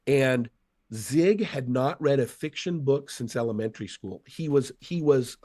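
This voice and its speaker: A man in his fifties telling stories from his career as a podcast guest, earnest and lively, acting out what others said. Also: medium pitch, a little slow, no echo. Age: 50s. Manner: earnest, animated storyteller acting out quotes. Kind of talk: storytelling in a podcast interview.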